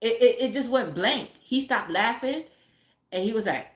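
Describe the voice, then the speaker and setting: A woman's voice: fairly high pitch, lively intonation, normal speed. A woman in her forties, a mother, telling a family story in blunt, profane, filler-heavy casual talk. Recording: roomy echo.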